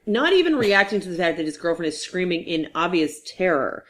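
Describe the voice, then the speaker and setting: Lowish woman recapping a movie, swearing freely. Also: fairly quick. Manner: profane, animated retelling with quoted mimicry. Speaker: podcast co-host. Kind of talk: casual movie recap chat.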